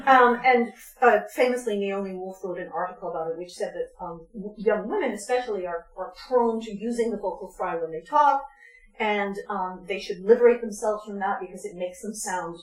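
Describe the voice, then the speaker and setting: A woman with a mid-range voice leads a vocal workshop at a moderate pace in a roomy community music space, and the recording is echoey. She's chatty, says "um" a lot, laughs often, and breaks into short sung demonstrations of sounds.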